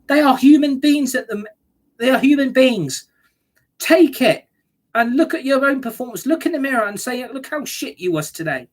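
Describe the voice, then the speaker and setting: A woman's voice: high voice, normal speed, a little mellow. A woman ranting angrily as a football fan reacting to a match, sweary and scornful.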